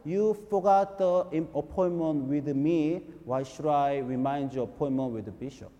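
A man voicing God in a soft, measured rebuke, heard with a long hall reverb. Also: a little high, dull audio, close to an everyday voice. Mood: gently chiding.

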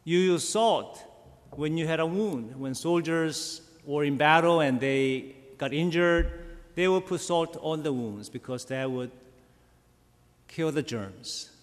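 A pastor delivers his sermon at an unhurried, deliberate pace, leaning into emphatic rhetorical questions. His voice sits a little higher than most men's. It rings out in a church hall with a long reverb.

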